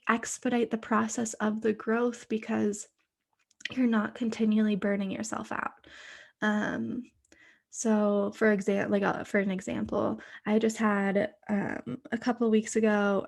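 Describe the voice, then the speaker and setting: A woman hosting her own podcast in a loose, rambling solo talk, her slightly high voice carrying a gravelly fry. She fills her talk with fillers and swearing and now and then drops to a soft whisper. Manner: chatty, many fillers, frequent swearing. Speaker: podcast host. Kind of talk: casual solo podcast monologue.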